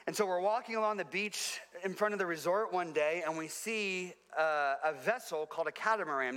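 Bright-voiced pastor preaching in a reverberant hall. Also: male voice, clean tone. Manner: earnest, repeats phrases for emphasis, drops low and quiet on key points. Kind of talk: sermon. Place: church sanctuary.

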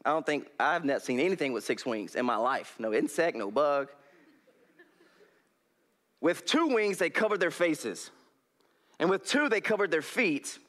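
A young male preacher, giving a folksy, animated sermon in a church hall on a headset mic and laughing often. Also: fairly high pitch, measured pace, long pauses.

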